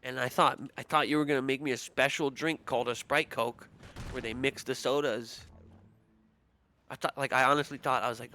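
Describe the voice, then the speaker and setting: A man's voice: medium pitch, fairly even intonation, brisk, pushed and bright, a little hiss or hum. A young man streamer telling stories in a casual, profane, exasperated rant, mimicking the people he quotes. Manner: profane, exasperated ranting with mock-quoted voices. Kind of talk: casual livestream storytelling rant.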